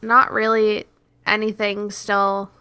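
A woman's voice: mid-range voice, completely flat delivery, slow, sharp tone, clean tone, dry recording. A woman co-hosting a podcast in casual chat, laid-back and a little sleepy. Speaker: podcast co-host.

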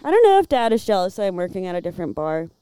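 A young woman from Illinois with a Midwestern accent, rambling through stories on a podcast. Her voice is mellow, smooth and very clear, recorded close and dry. She peppers every phrase with "like" and casual curses. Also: fairly low pitch, big pitch swings, very fast, no echo. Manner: chatty storyteller, fills talk with "like", swears freely. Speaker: podcast guest, bar door worker. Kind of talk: casual chat.

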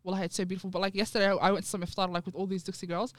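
A woman telling a story in casual podcast chat, animated and peppered with "wallahi". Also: mid-range voice, very fast, dry recording.

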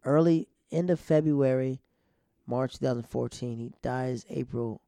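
Man, casual storyteller, gravelly and warm-toned, rambling delivery. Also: mid-range voice, measured pace, no room sound. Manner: rambling, conversational, with frequent fillers and restarts.

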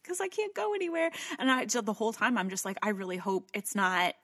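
A woman's voice: medium pitch, big pitch swings, fast, fairly bright tone, breathy edge, no echo. A woman talks in a loose, rambling way, piling on asides and the odd curse word as she tells her story. Her voice sits in an ordinary middle range and comes across close and dry, with no room sound around it. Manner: chatty, swearing, storytelling. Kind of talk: casual chat.

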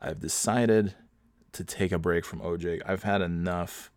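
A man hosting a comedy show, telling a crude story deadpan and chatting casually with profanity. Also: deep voice, a little slow, dry recording, studio quality.

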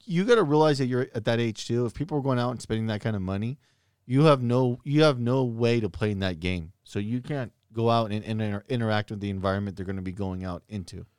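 A man's voice: lowish voice, fast, a little mellow, smooth, no echo, studio quality. A man chatting casually, earnest and reflective, repeating words as he works through a thought. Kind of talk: casual chat.

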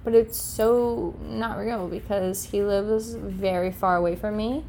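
A woman's voice: mid-range voice, steady tone, unhurried, darkish tone, slight background noise. A young woman vlogger telling stories casually, swearing freely and venting with exasperation. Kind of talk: casual storytelling.

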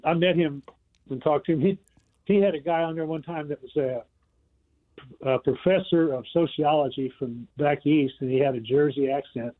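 A man's voice: fairly high pitch, moderate pace. An older man calling in to a radio show, rambling as he reminisces about the old days. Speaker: radio caller. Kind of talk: casual phone call-in chat. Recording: phone line.

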